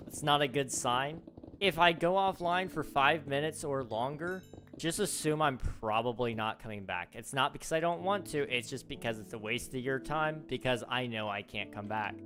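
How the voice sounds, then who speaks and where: A young man chatting casually with viewers during a live game stream, talking through pauses with fillers. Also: mid-range voice, pushed and bright. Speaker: livestreamer. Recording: faint background music.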